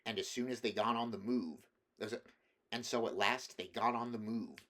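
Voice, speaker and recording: Guy reading a kids novel out loud, measured, stumbles and restarts now and then. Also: fairly low pitch. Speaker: audiobook reader.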